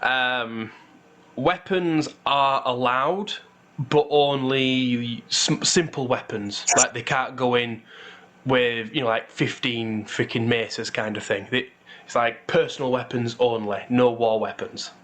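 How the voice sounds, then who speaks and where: A man, narrating a tabletop game as game master in a relaxed way. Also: medium pitch, slow. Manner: relaxed, full of fillers and restarts, wry asides.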